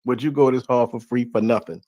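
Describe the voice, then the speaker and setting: A man of middle pitch rambles easily as he hosts a live stream. His talk is loose and casual. The recording is dry and close. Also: fairly even intonation, fast, dark tone, dry recording. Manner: laid-back, loose and rambling. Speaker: host.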